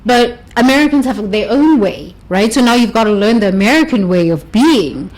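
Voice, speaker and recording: A woman giving an expressive motivational talk, stretching words for emphasis and laughing often. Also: fairly high pitch, normal speed. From South Africa. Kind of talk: motivational monologue.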